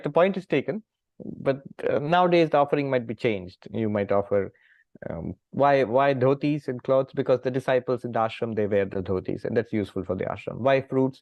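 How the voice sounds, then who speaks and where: A middle-aged man from India, a monk calmly explaining scripture with gentle humor and frequent pauses. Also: medium pitch, no echo, highs cut off. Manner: calm, gently humorous teaching with many pauses. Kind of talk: scripture lecture.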